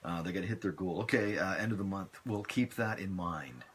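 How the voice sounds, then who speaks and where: A man hosting a casual live stream from his phone, chatting in a relaxed, rambling way as he answers viewer comments. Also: low voice, brisk, breathy edge.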